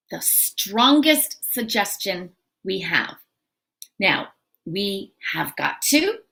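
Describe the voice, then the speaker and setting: Woman, middle-aged, English teacher, slow careful pace, higher voice, live lesson. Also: bright, forceful tone. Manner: slow, clear teaching with acted example phrases. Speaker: ESL instructor.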